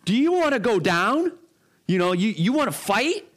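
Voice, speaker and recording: A man voicing an uptight, intense young man who quickly gets irate. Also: mid-range voice, expressive, lightly acted. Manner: indignant, escalating, demanding.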